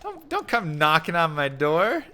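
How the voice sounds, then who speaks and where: Bright, lively man chatting on stream. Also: on the high side, a little slow. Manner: animated, laughing, storytelling. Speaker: livestream gamer host. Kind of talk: casual chat while gaming.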